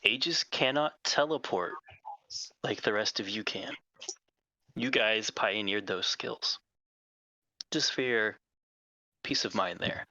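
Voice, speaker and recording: A man's voice: lowish voice, takes it slowly, long pauses, sharp tone, dry recording, lo-fi sound. A man running a tabletop game as game master, describing scenes and calling for dice rolls.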